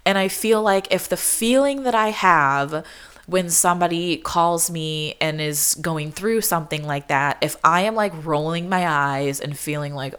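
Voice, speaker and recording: A woman's voice: fairly low pitch, unhurried, a bit bright, clear, resonant tone. A young woman hosting a podcast, talking casually and chattily with lots of "like", acting out what people said. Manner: chatty, peppered with "like", acts out quotes. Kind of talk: casual chat.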